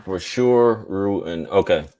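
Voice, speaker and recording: A man's voice: deep voice, takes it slowly, dark tone. A man hosting a casual live stream, talking in a laid-back, slangy way and reading viewer chats aloud.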